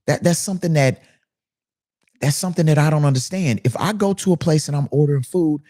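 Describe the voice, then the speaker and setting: A man's voice: on the high side, fairly quick, warm tone, dry recording. Man, DJ, casual rant, rhetorical questions, dry close mic. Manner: conversational ranting, rhetorical questions. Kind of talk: casual monologue to camera.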